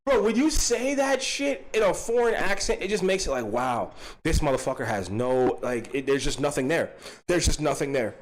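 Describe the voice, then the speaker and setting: Mocking, lively-pitched male host. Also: fairly quick. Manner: mocking, ranting. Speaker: host reacting to clips. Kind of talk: profane commentary.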